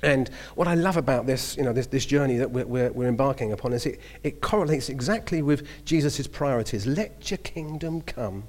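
A man's voice: medium pitch, a little fast, hardly any pauses, darkish tone. Cockney man preaching in chatty story mode. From southeast London. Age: 50s. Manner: chatty storytelling with hesitations and restarts. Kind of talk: sermon.

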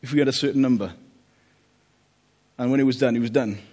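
A man preaching a relaxed, conversational sermon, joking about family life and often checking in with "okay?". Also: mid-range voice, a little fast, breathy edge. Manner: chatty, jokey, checks in with "okay?".

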